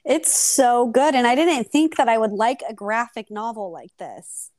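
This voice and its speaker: A woman's voice: fairly high pitch, normal speed, a little mellow, no echo, studio quality. A woman co-hosting a podcast, chatting casually about a book in a self-deprecating, agreeable way. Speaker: podcast co-host.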